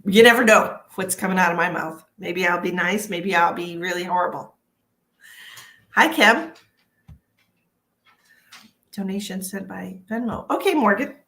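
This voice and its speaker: A woman's voice: fairly low pitch, unhurried, long pauses, fairly bright tone. A woman hosting a casual psychic livestream from home, chatty and tired, greeting viewers by name and swearing freely. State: tired from early work hours. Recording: echoey room.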